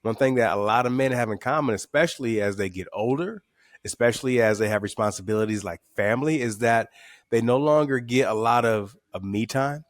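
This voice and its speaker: A middle-aged man, a guest author telling stories with candid, animated energy on a podcast. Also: medium pitch, brisk, no echo, clean studio sound. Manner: candid, animated storytelling with repeated words. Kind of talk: podcast interview.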